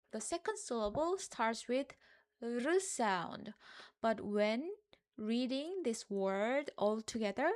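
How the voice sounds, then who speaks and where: A woman's voice: fairly high pitch, a little mellow. A woman, teaching a live lesson in English and patiently repeating each word for learners. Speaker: Korean language teacher. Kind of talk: live online Korean lesson.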